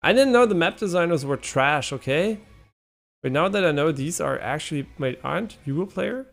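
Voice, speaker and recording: A young man streaming live, giving casual gameplay commentary, excitable and swearing a lot as he talks to his chat. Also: a little high, normal speed, vocal fry.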